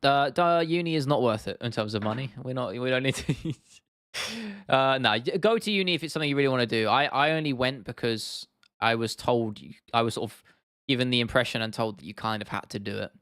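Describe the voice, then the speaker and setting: A man's voice: mid-range voice, a little fast, a bit bright, clear, resonant tone, dry recording, studio quality. A young British man in his twenties, live-streaming casually, rambling, swearing now and then and answering chat comments. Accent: British English. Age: 20s. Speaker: YouTube streamer.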